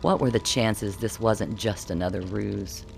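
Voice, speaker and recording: A man narrating a dark first-person story in a measured, somber way. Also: on the low side, vocal fry, soft background music. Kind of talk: scripted audiobook narration.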